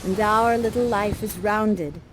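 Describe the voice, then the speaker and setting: A woman playing Prospero, slow solemn sorcerer. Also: medium pitch, background noise, lightly acted. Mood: wistful. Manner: slow, measured, theatrical delivery. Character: Prospero, aging male sorcerer, solemn and wistful. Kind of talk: Shakespeare verse recitation. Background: background music.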